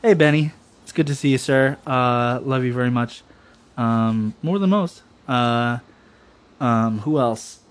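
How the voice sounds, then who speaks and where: A man's voice: medium pitch, a little slow, smooth. A man chatting casually and joking on a podcast, rambling and tossing in silly voices, with drinks going. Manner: rambling, jokey, slips into silly put-on voices for quotes. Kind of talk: casual comedic chat.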